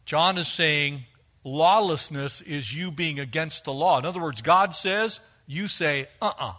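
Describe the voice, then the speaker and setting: A man preaching a sermon, animated and fond of acting out quoted voices. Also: fairly high pitch, unhurried. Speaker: pastor.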